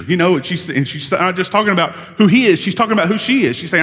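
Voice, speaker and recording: A man preaching a sermon in a casual, halting way, often repeating words as he retells a Bible story. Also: high voice, lively intonation, fairly bright tone. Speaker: pastor. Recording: long hall reverb.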